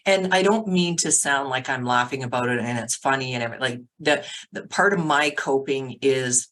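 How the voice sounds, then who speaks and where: A middle-aged woman, a sobriety coach, telling her story as a podcast guest in a lively way, acting out the voices of others and filling her talk with "like". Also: very deep voice, moderate pace, rough recording. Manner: animated, acts out quotes, many "like" fillers. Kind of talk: casual storytelling interview.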